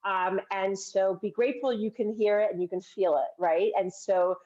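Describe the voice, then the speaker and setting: A woman's voice: mid-range voice, steady tone, moderate pace, dark tone, lo-fi sound. A woman guest in an interview, talking casually and enthusiastically with many fillers. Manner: enthusiastic, casual, lots of "like" and "right?". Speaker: guest filmmaker and speaker.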